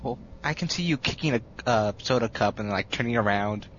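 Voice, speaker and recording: A man's voice: medium pitch, a little fast, a bit bright. A young man with a stuffy nose, chatting casually and joking at his own expense. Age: young adult. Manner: laid-back and self-mocking, laughs often. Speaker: podcast co-host. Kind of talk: casual group chat over mics. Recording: dull lo-fi mic with faint hum.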